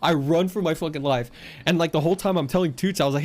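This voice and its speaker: A young man casually telling a long story, full of fillers and quick acted-out quotes of other people. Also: on the high side. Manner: rambling, filler-heavy, animated quoting of others. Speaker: storyteller recounting a game session.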